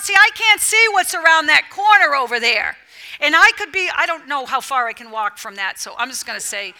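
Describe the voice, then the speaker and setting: A woman's voice: extremely high pitch, sharp tone. A woman preaching a fervent, emphatic sermon to a women's church gathering, with a repetitive preaching cadence.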